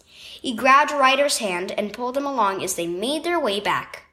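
A woman's voice: fairly high pitch, animated, normal speed, pushed and bright. A woman narrating a children's devotional story reading in a storytelling manner. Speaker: devotional reader.

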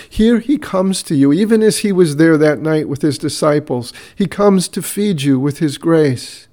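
A man hosting a devotional podcast, reading Bible passages and teaching in an earnest, measured, prayerful way. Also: a little high, darkish tone.

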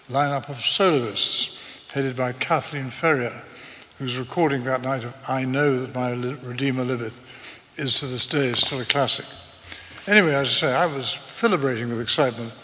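A man, preaching a sermon in a measured storytelling way. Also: medium pitch, sharp tone, big-room sound, slight background noise. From eastern England. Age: 80s. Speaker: pastor.

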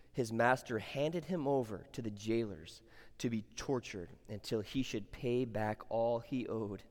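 A man's voice: mid-range voice, darkish tone. Man preaching in a reverberant hall. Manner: expository preaching, rhetorical questions, repeats key phrases. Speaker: pastor. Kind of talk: sermon.

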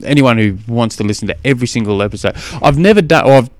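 Chatty Australian man, smooth dry voice. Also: medium pitch, lively intonation, fast talker, no echo. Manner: rambling storytelling with self-corrections and laughs. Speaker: podcast host and coach. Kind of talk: casual chat.

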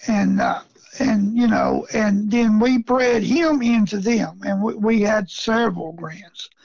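A man's voice: high-pitched, slow pace, gravelly, a little mellow, no room sound. A middle-aged man telling a story in a casual interview, folksy and chuckling often, with rural grammar. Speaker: rabbit hunting guest. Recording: dull lo-fi sound.

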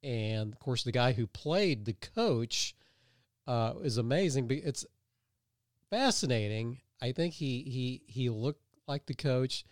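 A man's voice: mid-range voice, animated, takes it slowly, dry recording, clean studio sound. A man co-hosting a podcast, rambling through stories in casual chat, laughing often and poking fun at himself. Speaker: podcast co-host.

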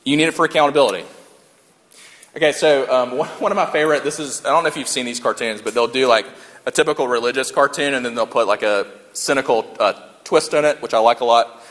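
Quick-paced and a little bright, a man's mid-range voice carries a conversational sermon through a long hall echo. He hammers key lines by repeating them and slips in jokes.

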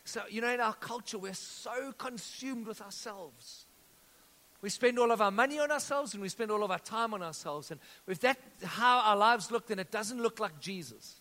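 A man preaching a sermon as pastor, energetic, calling out to the congregation and telling stories. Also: high voice, normal speed. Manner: energetic preaching with audience call-outs and storytelling. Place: church auditorium. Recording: long reverb of a church hall.

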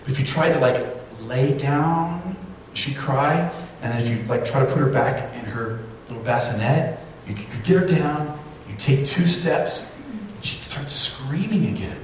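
A man's voice: mid-range voice, a little slow. A man in his forties preaching a sermon, telling a family story with self-deprecating humor. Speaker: pastor. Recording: very echoey hall, distant mic, faint noise.

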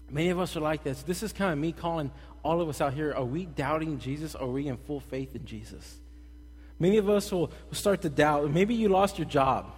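Man, casual chatty sermon, fairly high voice, long hall reverb. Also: darkish tone, husky. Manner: conversational, storytelling with acted quotes. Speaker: pastor.

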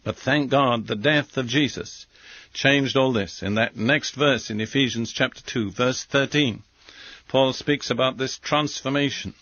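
A man preaching a sermon as a Bible teacher, speaking in measured, deliberate short phrases. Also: medium pitch, a bit bright, no echo. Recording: dull, lo-fi dry recording.

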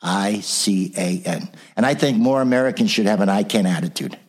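An older man tells lively stories from his years as a motivational speaker and trainer. His voice is low and husky. He acts out the people in his anecdotes, shifting into their voices as he goes. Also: moderate pace. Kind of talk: storytelling in a casual interview.

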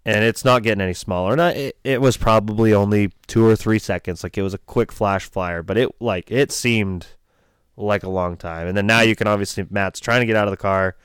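A man's voice: lowish voice, a little fast, clear, resonant tone, no echo, studio quality. A man casually retelling a race-day crash story, rambling and swearing freely. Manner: rambling, profane, animated retelling. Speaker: race crew member telling a story. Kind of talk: casual storytelling podcast chat.

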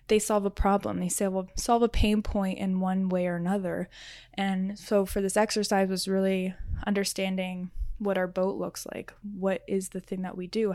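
A woman's voice: medium pitch, a little mellow, dry recording, studio quality. A woman hosting a solo podcast as a riding coach, talking in an earnest, reflective way with many "like" fillers.

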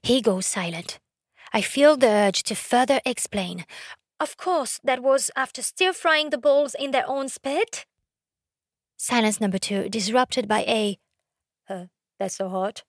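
A woman's voice: fairly high pitch, animated, a little slow, no room sound, clean studio sound. Brash woman comic. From Brazil. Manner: brash, sardonic, swears freely. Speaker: comedian. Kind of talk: comic storytelling monologue.

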